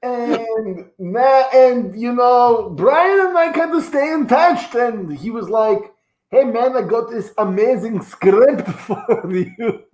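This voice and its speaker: A man plays a rambling, self-important actor who boastfully insists he is Shrek, his fake accent drifting between Scottish and Australian. His voice is extremely high and a little mellow, and he takes it slowly. He's heard over an echoey video call.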